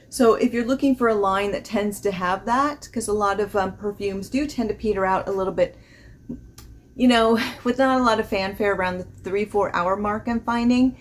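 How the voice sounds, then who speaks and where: Chatty woman fragrance vlogger, mid pitch, rambling and quick to laugh, faint room noise. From not from the American South. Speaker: fragrance reviewer. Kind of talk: casual review vlog.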